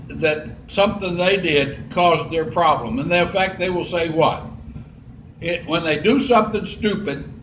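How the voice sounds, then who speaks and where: A man's voice: fairly high pitch, fairly bright tone, slight background noise. A man preaching a Bible lesson, reading scripture aloud and adding folksy commentary. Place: church sanctuary. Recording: echoey church room.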